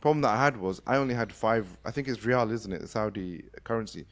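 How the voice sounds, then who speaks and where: A middle-aged man from the UK, hosting a casual conversation and telling a story fast, with lots of restarts. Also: on the low side. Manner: fast-talking, full of restarts. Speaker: podcast host.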